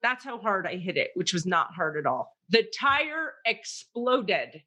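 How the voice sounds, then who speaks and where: Casting woman podcast co-host, lively storyteller who acts out quotes. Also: medium pitch, a little slow. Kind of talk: casual chat.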